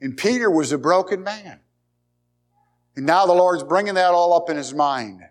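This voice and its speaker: A male pastor preaching a sermon in a fairly high voice. He speaks emphatically, repeats key words and throws rhetorical questions at his listeners. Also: normal speed.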